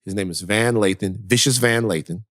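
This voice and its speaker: In a clean studio recording with no room sound, a male podcast co-host tells a story during casual chat, animatedly acting out the quoted lines. His voice is fairly low, a bit bright, and moves at a moderate pace.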